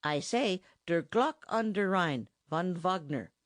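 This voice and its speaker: A woman's voice: lowish voice, animated, slow pace, no echo, studio quality. Woman doing a pompous German bandmaster. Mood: blustering. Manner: pompous, scolding, mangled English. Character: blustering middle-aged German bandmaster, bossy. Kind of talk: audiobook character voice.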